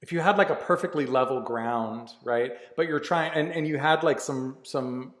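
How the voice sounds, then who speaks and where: A man's voice: medium pitch, moderate pace, a bit bright. A man coaching in a candid, earnest way, casually dropping swear words and circling back on his phrases. His mid-range voice rings through a room with a long, lingering reverb. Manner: candid and earnest, swears freely, many restarts. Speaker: life coach. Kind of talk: casual motivational talk.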